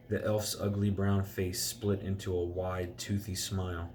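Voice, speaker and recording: Low, flat-voiced dad reading aloud. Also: male voice, slight background noise. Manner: stumbles and restarts, pauses to explain words. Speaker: parent reading to a child. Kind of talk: bedtime story reading.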